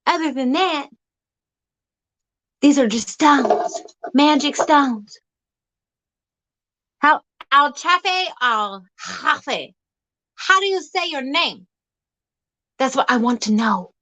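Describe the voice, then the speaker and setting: A woman with a high voice delivers a playful, rambling monologue to her viewers. Her pitch leaps around in folksy, teasing bursts, yet she takes her time over each phrase. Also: lively intonation, takes it slowly, pauses often, sharp tone. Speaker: vlog host. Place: outdoors.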